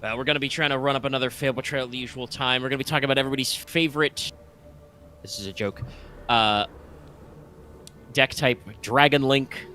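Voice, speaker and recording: A man's voice: mid-range voice, fairly even intonation, brisk, pauses often, pushed and bright, a little hiss or hum. A man co-hosting a casual game stream, talking in a rambling, hesitant way full of fillers. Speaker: stream co-host.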